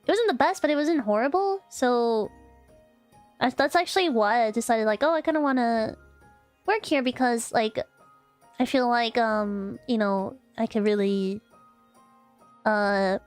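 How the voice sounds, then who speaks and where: A woman's voice: a little high, unhurried, long pauses, faint music behind. A young woman streamer telling a story in casual chat, rambling with lots of fillers and restarts.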